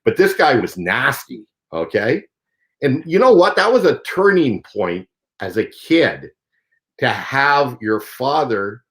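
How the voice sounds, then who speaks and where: A man's voice: medium pitch, fairly bright tone, rough recording. A Canadian man, a professional angler, telling a story in a casual, rambling way with many fillers. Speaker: professional angler and show host.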